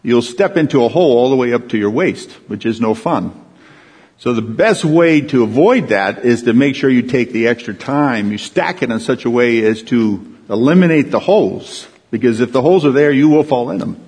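A man's voice: medium pitch, expressive, normal speed, a little mellow, breathy edge, in a large hall. A man, a pastor preaching a sermon in a folksy storytelling way, with emphatic rises.

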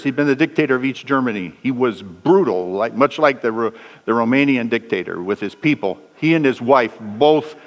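Guy preaching a sermon, plays out the little stories, voice jumps high then drops low, big echo off the hall. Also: dull audio. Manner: storytelling with acted dialogue, pitch swinging up and down. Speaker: pastor. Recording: long echo of a large hall.

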